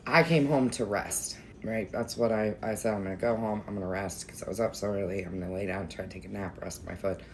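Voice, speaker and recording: A woman's voice: extremely low pitch, steady tone, brisk, hardly any pauses, slight background noise. A young adult woman telling a story in a casual vlog, candid and emotional, venting with some swearing. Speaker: vlogger.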